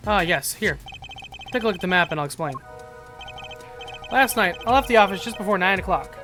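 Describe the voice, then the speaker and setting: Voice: mid-range voice, animated, fairly quick, natural voice. A streamer voicing a laid-back, teasing middle-aged man who runs a small agency, over game music. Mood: offhand. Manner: offhand, teasing. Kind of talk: voice acting a game playthrough. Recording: game music playing underneath.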